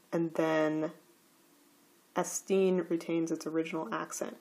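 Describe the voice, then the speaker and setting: Speaking slowly and with care, a teacher explains grammar rules in a recorded slide lecture. Her voice is warm, steady, slightly husky and breathy, with a pitch that sits a little low.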